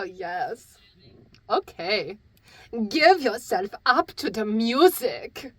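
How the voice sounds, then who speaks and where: A woman's voice: fairly high pitch, fairly bright tone, pitched above the performer's own voice, heavily acted. A woman putting on a heavy German accent. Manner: exaggerated accent, giggly asides. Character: bold, playful German woman auditioning.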